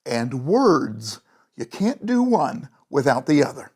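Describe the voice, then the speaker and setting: A storyteller reading a bedtime storybook and voicing the Lamb King, a playful, wise male figure who chuckles, in a gravelly, breathy voice. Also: mid-range voice, very animated, slow pace, darkish tone, voice pushed down, heavily acted.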